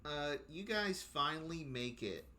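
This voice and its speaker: A man narrating a tabletop game as game master, unhurried and full of filler pauses. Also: a little high, animated, bright, forceful tone, a little hiss or hum. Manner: unhurried, hesitant with many fillers.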